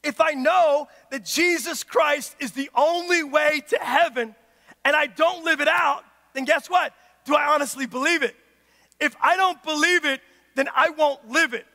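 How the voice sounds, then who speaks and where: A man, a pastor, preaching an impassioned sermon that swings from quiet to shouted emphasis and calls out to the congregation. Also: extremely high pitch, moderate pace. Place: church sanctuary. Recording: long church-hall reverb.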